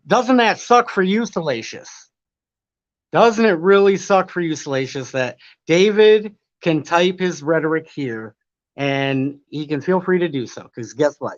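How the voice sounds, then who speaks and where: A man's voice: a little high, dry recording. A man hosting a live stream, rambling and arguing as he reads and answers the chat, swearing now and then. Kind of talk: casual live-stream commentary reading chat. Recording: dull lo-fi stream audio.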